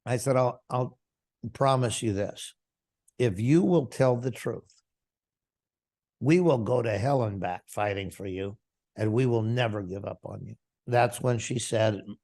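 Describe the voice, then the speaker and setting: Gravelly pastor telling his testimony. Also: fairly low pitch, unhurried, darkish tone. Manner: storytelling, acting out quoted dialogue. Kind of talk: testimony told to a congregation.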